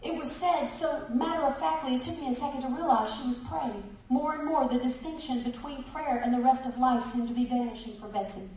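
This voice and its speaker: This woman's high, slightly mellow voice runs a little fast with few pauses, over slight background noise. Exuberant and laughing, she reads a story in her sermon and speaks directly to her listeners, recorded from far off in an echoey room.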